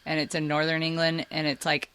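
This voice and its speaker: A woman guest on her husband's podcast, rambling and explaining with plenty of "like" and "uh." Her voice is slightly low but bright and forceful. The sound is close and dry. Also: monotone, brisk, clean tone, no echo. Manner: rambling, explanatory, filler-heavy. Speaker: podcast guest, host's wife. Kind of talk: casual chat.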